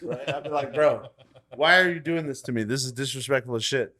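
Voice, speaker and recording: A man in his thirties co-hosting a podcast, telling a story in casual chat, animated and swearing, acting out quotes. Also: mid-range voice, fairly quick. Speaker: podcast co-host.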